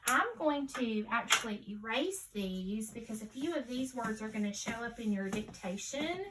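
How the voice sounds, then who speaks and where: A woman with a Southern accent, teaching a patient phonics lesson to young children, sounding words out slowly. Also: fairly high pitch, a bit bright, distant mic.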